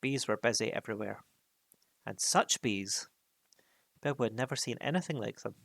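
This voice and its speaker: A man reading a novel aloud in an unhurried way, pausing for casual asides. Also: fairly low pitch, creaky, fairly bright tone, no echo. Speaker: reader.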